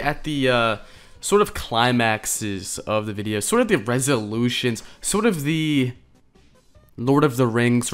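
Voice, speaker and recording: A man's voice: mid-range voice, clear, resonant tone. A young man streaming reaction commentary, rambling, sarcastic and crude, often swearing. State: out of breath. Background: faint background music.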